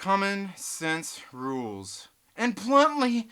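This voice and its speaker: A man's voice: high voice, animated, normal speed, bright, forceful tone. A man hosting a live stream, reading viewer chat aloud and ranting with lots of swearing and laughter. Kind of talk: casual live stream rant.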